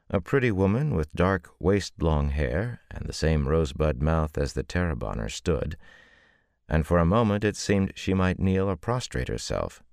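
Male audiobook narrator, extremely deep voice, dry studio read. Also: creaky, a little mellow, no room sound. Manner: measured, deep-voiced reading with voiced characters. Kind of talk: scripted narration.

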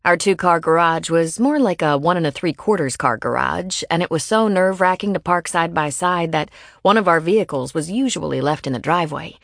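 Woman audiobook narrator, first-person, lower register, steady delivery, dry studio read. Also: brisk, creaky, no echo.

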